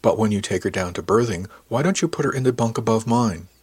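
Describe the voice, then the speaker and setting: A man reading the part of a blunt, teasing woman on a ship's crew, speaking briskly and firmly in an audiobook. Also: lowish voice, lively intonation, a little mellow, husky. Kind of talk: audiobook character voice.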